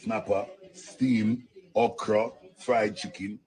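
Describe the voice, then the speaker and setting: A man's voice: lowish voice, very animated, vocal fry, crowd noise, voice pushed down, full character voice. A man putting on a laid-back Caribbean food hype man. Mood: mocking. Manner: mocking, drawn-out put-on accent.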